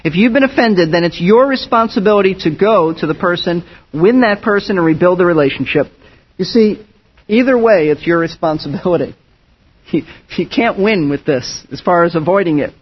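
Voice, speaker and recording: A man's voice: high-pitched, slightly rough. A man preaching a sermon as pastor, earnest and emphatic, often restarting his phrases. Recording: dull lo-fi sound.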